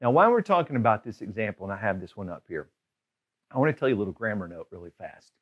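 A man tutoring a grammar lesson, upbeat and casual, slowing down to stress each example phrase. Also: on the low side, sing-song, husky, muffled recording. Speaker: Spanish language tutor.

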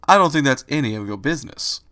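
Man doing a curt, grumpy rabbit sidekick for a storybook read; gruff, clipped. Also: mid-range voice, expressive, fast, bright, forceful tone. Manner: curt and grumbling.

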